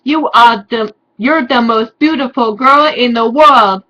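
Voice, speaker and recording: A woman's voice: a little high, a little slow, pushed and bright, voice pushed up, low-quality recording. A woman voicing a lovesick, dramatic teenage boy with breathless, gushing declarations.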